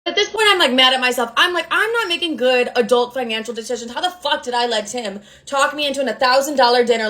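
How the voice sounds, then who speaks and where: Young woman doing a storytime, kinda high voice, swears a ton, sarcastic and dramatic, does all the back-and-forth dialogue herself. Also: quick pace, few pauses, sharp tone. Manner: blunt, sarcastic and heavily profane; dramatic, acts out quoted dialogue. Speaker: storytime creator. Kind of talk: casual storytime monologue.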